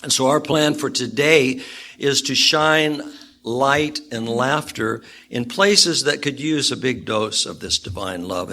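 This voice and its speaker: A male minister preaching a sermon to a congregation with animated storytelling and emphatic repetition. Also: mid-range voice, gravelly, a little hiss or hum. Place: church with congregation.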